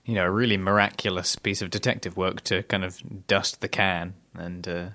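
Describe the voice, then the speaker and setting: A man's voice: low voice, flat delivery, normal speed, bright, forceful tone. A man co-hosting a podcast, chatting casually and analytically about a TV episode and reading out plot summaries. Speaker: podcast co-host. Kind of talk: casual discussion.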